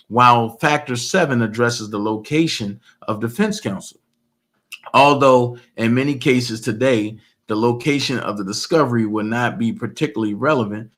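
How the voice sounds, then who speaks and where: A man's voice: medium pitch, fairly bright tone. A man hosting a livestream who reads court documents aloud and breaks off into profane, mocking commentary.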